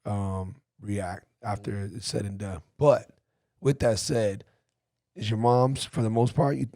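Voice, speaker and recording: A man's voice: fairly low pitch, steady tone, unhurried, dark tone, no room sound, studio quality. A man hosting a casual podcast chat, asking questions in a laid-back, curious, profane way. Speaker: podcast host.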